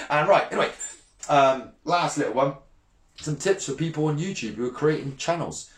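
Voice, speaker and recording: A man's voice: fairly high pitch, big pitch swings, normal speed, reverberant. A brash man in his thirties, ranting bluntly and swearing freely in a casual vlog, often laughing. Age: 30s. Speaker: fishing channel vlogger.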